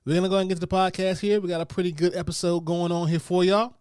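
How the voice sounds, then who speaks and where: A man hosting his own podcast, giving quick hyped reviews in a slangy style that speaks straight to his listeners. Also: high voice, little pitch movement, darkish tone, clear, resonant tone, no echo, studio quality. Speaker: podcast host. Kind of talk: casual podcast chat and rapid review rundown.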